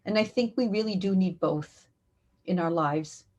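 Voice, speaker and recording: Woman, community educator, heartfelt interview storytelling, climbs high when quoting. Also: moderate pace, a little mellow, highs cut off.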